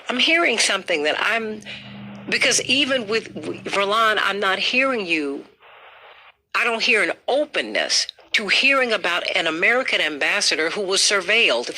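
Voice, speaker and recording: A woman's voice: medium pitch, bright, forceful tone, slight background noise. A woman hosting a call-in talk show, speaking firmly and emphatically. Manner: firm, emphatic, repeats names to cut in.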